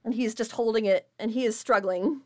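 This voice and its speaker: A woman's voice: a little high, brisk. A woman narrating as game master of a tabletop role-playing game, laughing easily between descriptions. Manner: laughs often while narrating.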